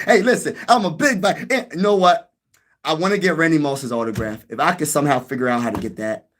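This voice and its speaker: A man with a somewhat high voice hosts a sports live stream and talks loosely with the chat. His delivery is animated and casual, and he repeats phrases as he goes. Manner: animated, repeats himself, addresses chat directly.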